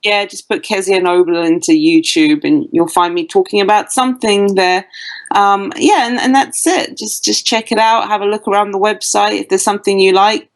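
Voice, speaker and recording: A woman's voice: mid-range voice, moderate pace. A woman from the UK with a British accent, a guest dating coach talking confidently in a podcast interview over a remote call. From United Kingdom. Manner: confident, punchy phrasing.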